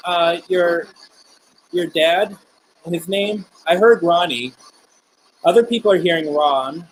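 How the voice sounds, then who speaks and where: A man's voice: sits high, slow pace, long pauses, a little hiss or hum, low-quality recording. Man hosting a live spirit session. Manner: gentle, asks viewers questions, calls on spirits politely. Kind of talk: live-stream chat with viewers.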